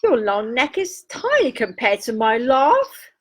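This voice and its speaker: A woman's voice: a little high, huge pitch swings, a little slow, slight background noise. A woman voicing a scornful hyena in a children's storybook, sneering.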